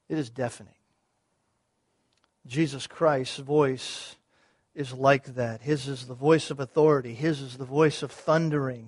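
A man preaching a sermon, moving from quiet, measured teaching to loud, rising passages, with repeated phrases and rhetorical questions. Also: a little high, no room sound. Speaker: pastor.

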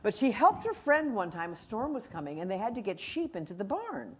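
A woman's voice: medium pitch, very animated, a little fast, slightly rough. A middle-aged woman teaching from the Bible, telling stories with energy and acting out animals and friends.

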